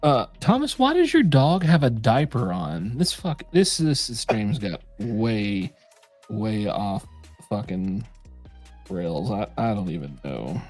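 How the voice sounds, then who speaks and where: A man's voice: lowish voice, big pitch swings, slow, darkish tone, faint music behind. A man co-hosting a casual live bourbon stream, loose and jokey with a lot of swearing. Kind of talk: casual livestream chat.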